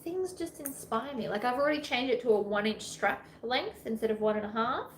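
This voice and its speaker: Chatty Australian woman, bright higher voice. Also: lively intonation, a little fast. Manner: chatty, self-deprecating, rambling asides. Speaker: sewing vlogger. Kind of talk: casual sewing tutorial chat. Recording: echoey room with faint ambient noise.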